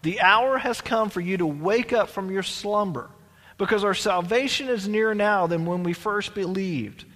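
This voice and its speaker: High-voiced pastor in a reverberant hall. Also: male voice, moderate pace, fairly bright tone. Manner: conversational preaching with restarts and asides. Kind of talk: sermon.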